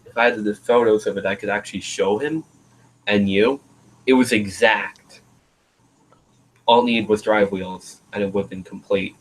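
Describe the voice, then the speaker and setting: A man's voice: lowish voice, steady tone, moderate pace, long pauses, poor audio. Rambling male livestream host. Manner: rambling, trails off searching for words. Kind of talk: casual chat.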